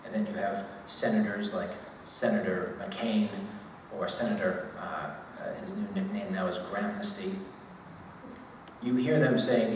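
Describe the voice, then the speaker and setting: A man's voice: fairly low pitch, animated, a little slow, slight background noise. A man in his forties giving an emphatic, conversational public speech at a university, repeating words for stress. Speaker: speaker at a university talk. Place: university lecture hall. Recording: echoey hall, voice from far off.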